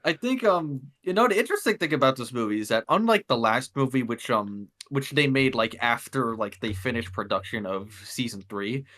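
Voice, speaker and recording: A man speaking as a podcast guest, discussing films in a measured, hesitant way with many fillers. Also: medium pitch, lively intonation, fairly bright tone. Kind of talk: casual movie-review chat.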